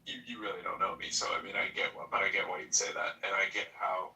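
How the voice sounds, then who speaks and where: A man hosting a casual chat, who talks haltingly and repeats his words. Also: low-pitched, monotone, pushed and bright. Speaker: room host. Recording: echoey, from a distance.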